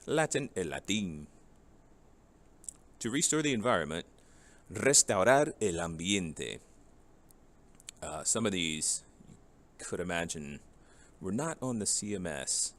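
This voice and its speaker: A man's voice: low voice, a bit bright. A man teaching a Spanish vocabulary lesson, reading each English word and then its Spanish match, and asking the class rhetorical questions.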